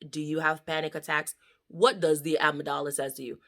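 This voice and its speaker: A woman in a casual instructional vlog, explaining a counseling technique in an animated way and acting out panicky inner voices. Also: deep voice, fairly quick.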